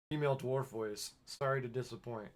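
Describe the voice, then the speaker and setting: A man hosting a podcast, chatting casually with a live audience and then reading a short story aloud in his own plain voice, his throat slightly scratchy. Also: mid-range voice.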